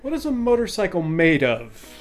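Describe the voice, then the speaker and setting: A man's voice: high-pitched, big pitch swings, normal speed, soft background music. A man on a podcast, chatting casually and retelling comedy sketches with playful put-on voices. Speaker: podcast co-host. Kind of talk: casual chat.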